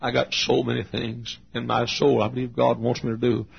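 A male pastor preaching a sermon with emotional storytelling, swinging from hushed tones to shouts. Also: medium pitch, flat delivery, moderate pace, gravelly, slightly rough. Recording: dull lo-fi sermon recording.

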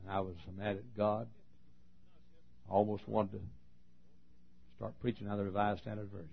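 A low, gravelly male preacher tells a story from the pulpit, his voice husky and worn. He swings from loud emphasis to hushed asides. The recording sounds dull and lo-fi. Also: little pitch movement, normal speed. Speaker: pastor. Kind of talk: storytelling sermon.

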